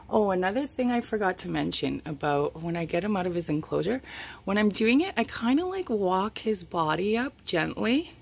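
Woman vlogger, husky and gravelly, chatty and swears casually, recorded at home on a handheld camera. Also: fairly low pitch. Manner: chatty, coos softly to her pet, swears casually. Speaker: reptile keeper vlogger. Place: home bedroom.

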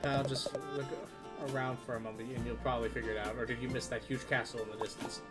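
A man's voice: mid-range voice, level tone, fast, lightly acted. A man reading the lines of a bitter, resentful male sea creature from a video game in a scornful, complaining way. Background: game music.

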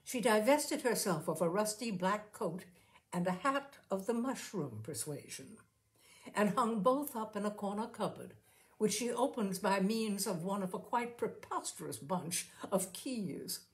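A woman reading a short story aloud as host of her own show, unhurried and expressive. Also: medium pitch. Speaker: story reader and podcast host. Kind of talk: scripted narration of a short story.

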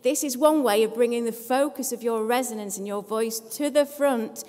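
A woman speech and language therapist leading a live audience through breathing and voice exercises in a brisk, encouraging, lightly self-deprecating way. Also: on the high side, mellow. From England. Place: conference hall with audience. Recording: long hall reverb.

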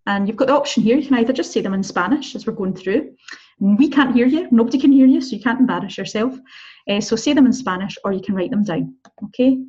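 Husky woman teaching a beginner language lesson. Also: a little high, mellow, dull audio. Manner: encouraging, chatty, slow model pronunciations with checks like "okay?". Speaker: Spanish teacher. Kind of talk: recorded online language lesson.

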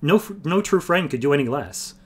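A man's voice: mid-range voice, lively intonation, quick pace, close to an everyday voice. A man reading aloud and voicing an impulsive, polite young nobleman who speaks in eager, earnest declarations. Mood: fervent.

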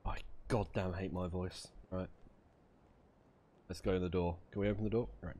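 A man's voice: deep voice, fairly even intonation, normal speed, pauses often, mellow. A man streaming a video game, talking through each move aloud with plenty of swearing and playful silly voices. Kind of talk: live gameplay commentary.

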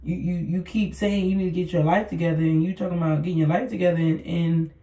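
A woman with a warm, lower voice talks straight to her listeners in a loose motivational monologue. She is blunt, circles back to her points again and again, and swears without a second thought. She sits a little back from the mic in a room with plenty of echo. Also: fairly even intonation, fast. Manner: blunt, emphatic, repeats herself, swears freely. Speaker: podcast host. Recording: echoey room, voice far from mic.

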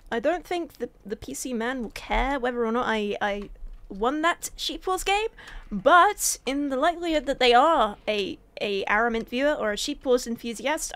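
High-voiced young woman rambling through gameplay. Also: a bit bright. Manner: rambling, comically dramatic and self-mocking. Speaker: gaming YouTuber. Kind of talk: casual gameplay commentary.

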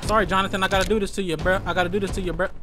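A man giving loud, joking let's play commentary, trash-talking the enemies in his game. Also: high voice, fairly even intonation, very fast, background noise. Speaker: gaming streamer.

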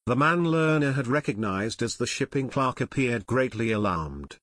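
A man narrating an audiobook in a steady storytelling manner, recorded close on a studio mic. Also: medium pitch, normal speed, dry recording. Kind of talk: scripted narration.

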